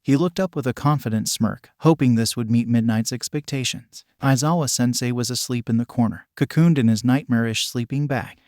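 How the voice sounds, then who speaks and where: Male narrator, steady storybook read, mid-pitched, very dry sound. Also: a little fast, few pauses, dry recording. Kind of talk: fan fiction reading.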